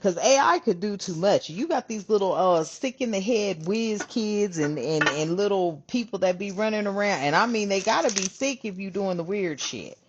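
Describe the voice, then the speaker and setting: A woman's voice: mid-range voice, expressive, moderate pace, few pauses, background noise. A woman hosting a casual spiritual reading channel, chatty and swearing freely as she talks to her viewers as family. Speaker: tarot reader. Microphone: camera on her hands. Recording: dull lo-fi sound.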